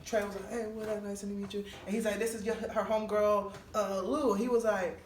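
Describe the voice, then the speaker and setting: A woman comedian telling a funny story in a lively, laughing way, acting out the people she quotes. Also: fairly quick. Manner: laughs often, acts out quotes with big pitch jumps. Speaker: comedian guest. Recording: echoey room, mic at a distance, faint noise.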